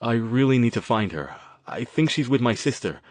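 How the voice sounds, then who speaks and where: A man's voice: medium pitch, lively intonation, moderate pace, no echo, close to an everyday voice. A male narrator voicing an earnest young man who speaks urgently, close to his own voice.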